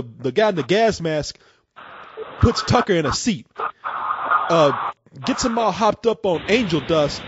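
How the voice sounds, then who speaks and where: A man hosting a casual call-in show, an excitable storyteller who acts out scenes with loud bursts. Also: high-pitched, highs cut off, slight background noise.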